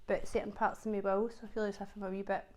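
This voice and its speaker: A woman's voice: medium pitch, little pitch movement, rapid-fire, noisy background. A woman from Scotland with a Scottish accent, chatting casually to camera as a vlogger, full of fillers and repeated words for emphasis.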